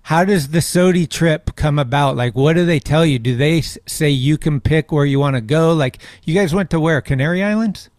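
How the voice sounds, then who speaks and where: A man's voice: fairly high pitch, normal speed, few pauses, a little mellow, no room sound. A man hosting a podcast in an easygoing, casual way, laughing along and asking loose questions. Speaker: podcast host. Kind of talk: casual chat.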